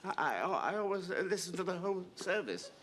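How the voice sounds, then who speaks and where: A timid old gentleman. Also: sits high, very animated, fairly quick, heavy background noise. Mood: mild. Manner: hesitant, soft-spoken, stammering. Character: gentle, timid elderly gentleman, polite and mild. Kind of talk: 1970s TV sitcom acting.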